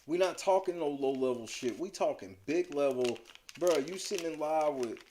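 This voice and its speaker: A man's voice: expressive, normal speed, a little hiss or hum. A man co-hosting a podcast, giving blunt, profane, slang-heavy commentary on reality TV in a casual chat. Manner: blunt, profane, slangy, swings between low mutter and loud emphatic rants. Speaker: podcast co-host.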